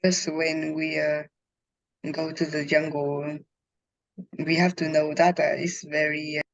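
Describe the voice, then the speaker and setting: A student answering hesitantly with many pauses in an online English lesson. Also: mid-range voice, flat delivery, no room sound, muffled recording. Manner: hesitant, halting with fillers.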